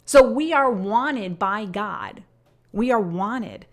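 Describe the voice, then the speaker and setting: A woman in her fifties giving a personal spiritual talk, earnest, slowing down and softening when she reads her written messages. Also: fairly high pitch, animated. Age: 50s. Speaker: host sharing messages from prayer.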